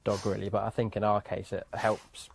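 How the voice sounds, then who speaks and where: A man being interviewed for a documentary, speaking in a halting, flat way with frequent restarts. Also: fairly low pitch, gravelly, slight background noise. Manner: slow, halting, flat delivery.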